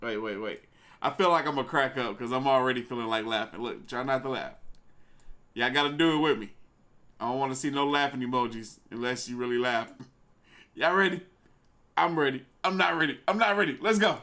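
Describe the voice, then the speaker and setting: A man streaming a live reaction, casually talking to his chat in an animated way. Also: mid-range voice, fairly quick, long pauses.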